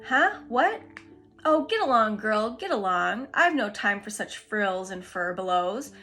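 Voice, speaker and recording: A woman voicing a shrill, busy old male starling who grumbles brusquely, reading a storybook aloud. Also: big pitch swings, a little slow, sharp tone, soft background music. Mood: grumbling.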